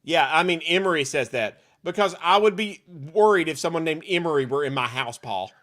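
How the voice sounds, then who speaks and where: A man co-hosting a sports podcast in casual chat, sarcastic and quick to swear, laughing often. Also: on the high side, animated, fairly bright tone. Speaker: podcast co-host.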